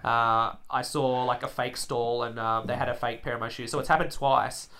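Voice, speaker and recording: Animated Australian man, bright voice. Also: medium pitch, moderate pace. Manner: animated storyteller, bursts into loud quoted outbursts. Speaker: podcast host. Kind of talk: casual podcast chat. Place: indoors, sitting on couches. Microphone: handheld condenser mic.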